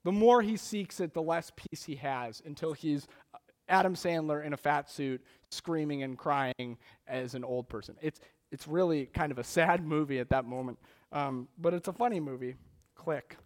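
A man preaching a sermon in a conversational, animated storytelling way, acting out little scenes as he goes. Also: a little high, moderate pace. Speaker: pastor.

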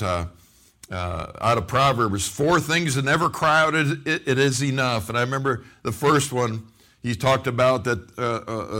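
A middle-aged man preaching a sermon as a pastor, telling stories with acted-out quotes and frequent repeated words and restarts. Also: medium pitch. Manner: animated storytelling with acted-out quotes.

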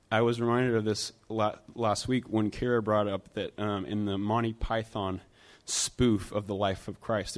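A man preaching a conversational sermon in a church, with rhetorical questions that build emphasis. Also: lowish voice. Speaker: pastor.

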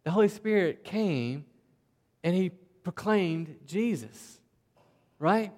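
A man's voice: high voice, lively intonation, slow pace, a little mellow, long reverb tail. A male pastor with a Southwest Virginia country twang, preaching in a folksy, conversational way and often calling the listeners "man.". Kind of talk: sermon.

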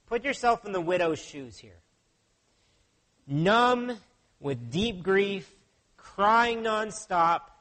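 A man with a notably high voice delivers a sermon as a pastor. He speaks earnestly and keeps turning to his listeners with rhetorical questions. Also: animated, very slow, long pauses, fairly bright tone.

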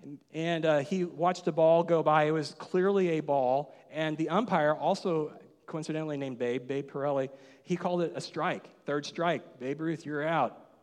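A man delivering a sermon from a church stage with a slightly high voice. He moves between quiet, intimate asides and animated, emphatic storytelling. Long reverb from the sanctuary trails each phrase. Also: normal speed, clear, resonant tone. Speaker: pastor.

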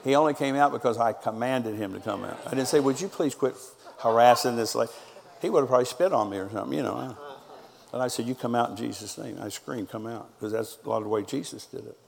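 Speaking fast in a creaky, medium-pitched voice, this middle-aged man is a pastor delivering a sermon in a space with a big-room sound. His storytelling leans on quoting others, passing their lines back and forth.

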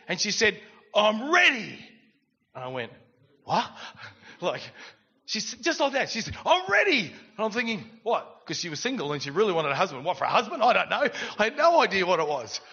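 A middle-aged man, preaching a sermon and telling stories in an animated way with quiet asides. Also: medium pitch. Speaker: pastor. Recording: dull recording in a reverberant church hall.

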